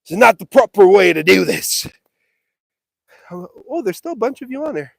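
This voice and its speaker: A man's voice: sits high, very animated, normal speed, vocal fry, no echo, clean studio sound. A man livestreaming from a farm on his phone, joking about himself while he works and catches his breath. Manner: jokey self-mocking chatter while working outdoors. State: out of breath and sweaty. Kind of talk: casual live vlog. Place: outdoors on a farm property, windy. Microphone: phone held or carried while working.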